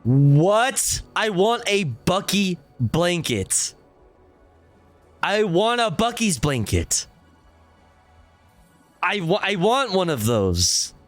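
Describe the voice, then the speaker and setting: Slow, lively-pitched swearing streamer man. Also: soft background music. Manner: crude, swears freely, rambling. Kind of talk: casual live reaction commentary.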